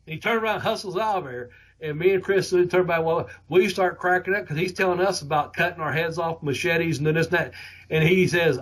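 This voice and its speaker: A middle-aged man hosts a podcast and tells rambling stories, full of swearing. His voice is husky and sits somewhat high for a man. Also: normal speed, a bit bright. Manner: rambling, heavily profane. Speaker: podcast host. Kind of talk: casual storytelling.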